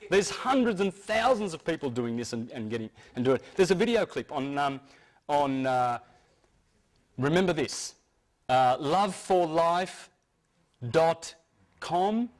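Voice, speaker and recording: A man's voice: a little high, expressive, measured pace. A man giving a lecture to an audience, speaking emphatically and insistently, often restarting his sentences.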